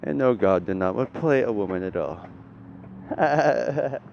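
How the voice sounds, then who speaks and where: A man's voice: mid-range voice, lively intonation, unhurried, gravelly, muffled recording, slight background noise. A man talking in a loose, rambling monologue, swearing freely and tagging his lines with "right?". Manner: rambling, profane, tags lines with "right?", laughs often.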